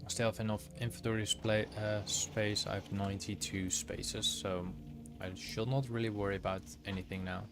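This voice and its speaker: Easygoing guy streaming a game, talks to chat, kinda low voice, game music going underneath. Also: flat delivery, normal speed. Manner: easygoing, chats with viewers while playing. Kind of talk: casual live-stream chat while gaming.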